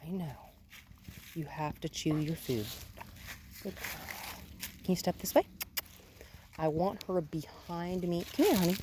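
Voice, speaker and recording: A woman with a low voice coaches a dog on a walk, explaining her technique as she goes. She talks in a calm, coaxing way, dropping in quick praise between points. Steady outdoor noise sits behind her voice. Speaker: dog trainer. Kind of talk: instructional walk-along narration. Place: outdoors on a residential road.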